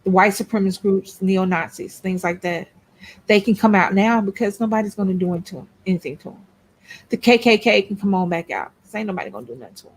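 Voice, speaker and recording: A woman's voice: medium pitch, quick pace, husky. A woman co-hosting a casual chat show, blunt and outspoken, swearing freely and repeating her points for emphasis. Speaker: co-host of a couples' YouTube channel.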